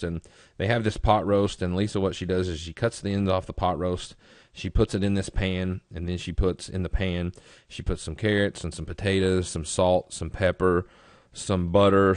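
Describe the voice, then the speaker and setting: A man leads a live seminar for traders in a low, conversational voice. He spins stories and checks in with rhetorical questions. The sound is dry and close. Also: a little mellow, smooth, dry recording. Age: adult. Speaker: trading educator. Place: room with a live audience.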